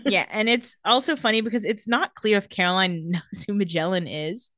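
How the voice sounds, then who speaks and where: A woman's voice: mid-range voice, normal speed, fairly bright tone, no room sound. A young woman co-hosting a casual chat, retelling TV scenes and quoting the characters. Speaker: podcast co-host recapping a TV episode.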